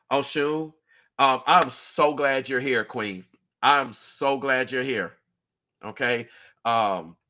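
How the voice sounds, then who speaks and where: Bright-voiced man streaming commentary. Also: mid-range voice. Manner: emphatic, earnest, repeats himself; talks directly to viewers. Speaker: livestream host. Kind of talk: livestream commentary.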